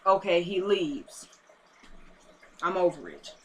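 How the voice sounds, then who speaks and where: A woman's voice: on the low side, sing-song, slow, a bit bright, slight background noise, poor audio. A woman giving a casual, slangy episode recap, talking straight to her viewers and acting out the characters' lines. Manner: acts out characters' lines while retelling. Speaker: TV episode reviewer.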